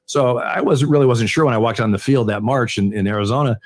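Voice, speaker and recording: An older man, a retired umpire, tells stories in an interview, halting and repeating words, with frequent chuckles. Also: mid-range voice, dry recording. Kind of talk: conversational interview storytelling.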